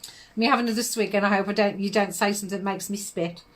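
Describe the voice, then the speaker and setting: A woman's voice: mid-range voice, fairly even intonation, fast. A middle-aged woman, giving psychic readings on a live stream in a chatty manner, laughing often and calling viewers darling.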